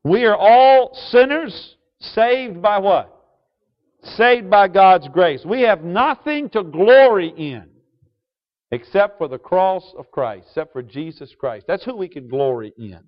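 A man preaching a sermon to a congregation, asking them questions and switching from loud emphasis to quiet asides. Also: high voice, expressive, slow pace. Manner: call-and-response questions to the congregation. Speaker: pastor. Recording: dull lo-fi sound.

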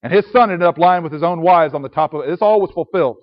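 A man preaching an earnest sermon, his fairly high voice carrying a long reverb around a church hall. He reads scripture aloud in old biblical wording. The recording is slightly dull. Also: quick pace.

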